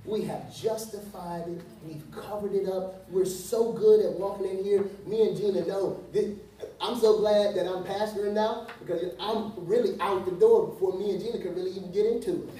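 Warm-voiced pastor preaching in an echoey sanctuary. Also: male voice, sits high, steady tone, moderate pace, slight background noise. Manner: casual, joking, then emphatic and earnest. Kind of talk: conversational sermon. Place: church sanctuary. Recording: echoey hall from a distant mic.

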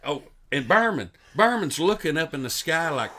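A man's voice: medium pitch, normal speed, sharp tone. A man telling comic stories to his friends on a podcast, laughing as he goes. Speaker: comedy podcast host. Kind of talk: storytelling among friends.

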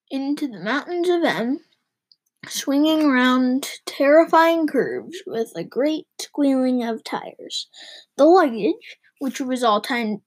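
A woman's voice: sits high, poor audio. Woman reading a story aloud. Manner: lively expressive storytelling. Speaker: reader.

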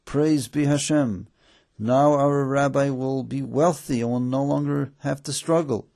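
A man voicing excited young male students in a story, exclaiming in a higher voice. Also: measured pace, gravelly.

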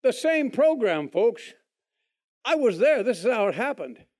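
A man with a high, folksy voice tells his testimony at a measured pace. He is animated and acts out other people's lines in a higher voice as he tells the story.

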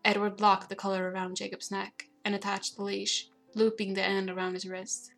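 A woman narrating a novel aloud in a steady, even way. Her pitch barely moves and stays level from line to line. Quiet music plays faintly behind her reading. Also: normal speed, creaky, hardly any pauses. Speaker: audiobook narrator. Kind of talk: storybook narration.

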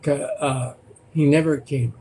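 An older man, a former political candidate, recounting debate stories as a guest in an animated way, often repeating words. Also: mid-range voice, a little slow, a little hiss or hum. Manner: animated, repeats words and restarts, acts out quotes. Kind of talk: anecdotal storytelling in conversation.

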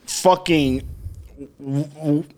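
A young man with a fairly high voice keeps laughing through casual banter. His talk rambles, full of loose asides and swearing. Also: fairly even intonation, very slow, darkish tone. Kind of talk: casual profane chat.

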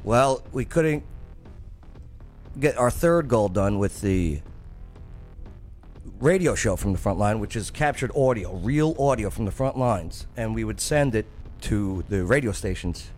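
A man's voice: on the low side, lively intonation, unhurried, a little mellow, faint music behind. A man with a New Jersey accent, hosting a radio show and telling stories in casual chat, acting out other people's lines as he goes. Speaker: radio show host and former army journalist.

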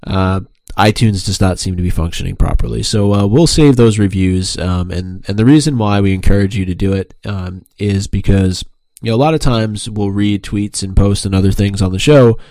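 A man's voice: lowish voice, moderate pace, darkish tone, no room sound. A man co-hosting a casual podcast, reading listener tweets aloud in a laid-back way. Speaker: podcast co-host.

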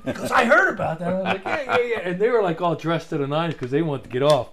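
A man telling an old story in casual chat, animated and acting out the voices of others, swearing freely. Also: a little high, fast talker.

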